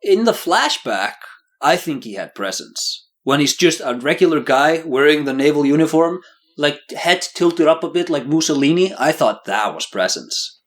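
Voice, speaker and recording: A man with a fairly high voice co-hosts a casual podcast, sharing critical takes in an animated, joking way. His delivery is loose and conversational. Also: normal speed. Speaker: podcast co-host.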